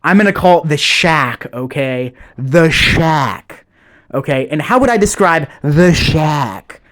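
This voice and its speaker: A man's voice: a little high, animated, takes it slowly, a bit bright. A young man telling a story in a rambling, casual way, swearing a lot and tagging his lines with "okay?".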